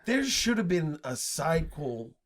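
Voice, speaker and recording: Lively animated man co-hosting a podcast. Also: fairly high pitch, unhurried. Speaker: podcast co-host. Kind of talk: casual podcast chat.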